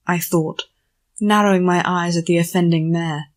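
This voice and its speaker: Measured woman narrating an audiobook. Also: lowish voice, steady tone. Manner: measured storytelling. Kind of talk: scripted narration.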